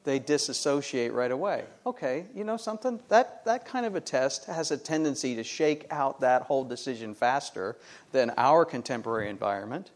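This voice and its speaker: A man's voice: medium pitch, animated, normal speed. A middle-aged man preaching a sermon, emphatic and full of rhetorical questions put to the congregation. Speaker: pastor.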